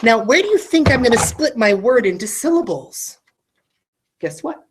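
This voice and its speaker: A woman teaching a recorded phonics lesson to children. She talks straight to the student with quick questions and sounds out each word slowly, syllable by syllable. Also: fairly high pitch, big pitch swings, noisy background.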